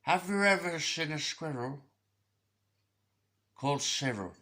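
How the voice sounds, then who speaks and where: A man chatting casually at home in a teasing, silly way. His voice is bright and clear, and he talks slowly. He keeps throwing out daft jokes. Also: a little high, expressive. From Tamworth, England.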